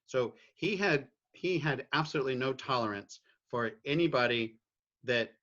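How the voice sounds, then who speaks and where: A middle-aged man from Virginia talks candidly as a podcast guest, his voice sitting at an ordinary male pitch. He is reflective, circling back and restarting phrases and tagging points with "right?". The audio is a little dull and lo-fi. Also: normal speed, fairly bright tone. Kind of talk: candid personal conversation.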